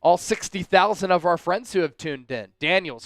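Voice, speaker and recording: A man hosting a fan livestream, giving excitable live commentary on the game, shouting at big plays and talking directly to his viewers. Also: high voice, moderate pace, no room sound. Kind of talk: live watch-along commentary.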